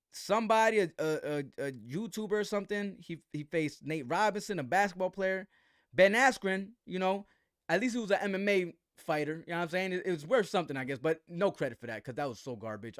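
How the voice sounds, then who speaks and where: A man's voice: sits high, brisk, no room sound, studio quality. A man hosting a live boxing commentary stream, talking in slang with a defensive tone and asking "right?" again and again.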